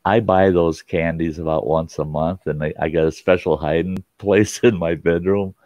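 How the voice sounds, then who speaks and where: A man voicing a kindly, playful older grandmother in a told story, in a gentle, matter-of-fact way. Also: sits low, steady tone, moderate pace, dry recording, pitched below the performer's own voice, close to an everyday voice. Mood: amused. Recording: dull, lo-fi sound.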